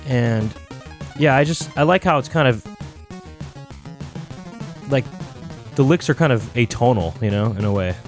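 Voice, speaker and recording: A man co-hosting a casual podcast, rambling and relaxed with lots of filler while game music plays. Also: medium pitch, measured pace, pauses often. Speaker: podcast co-host. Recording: music playing behind.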